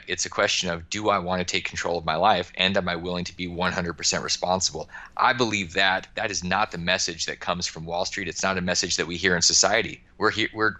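A man's voice: low-pitched, sharp tone. A man being interviewed on a podcast, talking about money in an emphatic, motivational way with frequent word repeats. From United States. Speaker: guest, financial advisor.

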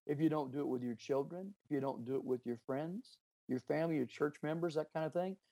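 Earnest middle-aged businessman, mellow voice. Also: fairly high pitch, a little fast, dry recording. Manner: earnest, emphatic, anecdotal with quoted dialogue. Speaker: business owner and author. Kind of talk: interview, storytelling about leadership.

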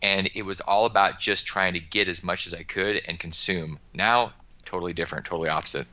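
A man's voice: deep voice, steady tone, a little fast, bright, forceful tone. A man being interviewed on a podcast, talking about money in an emphatic, motivational way with frequent word repeats. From United States. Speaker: guest, financial advisor.

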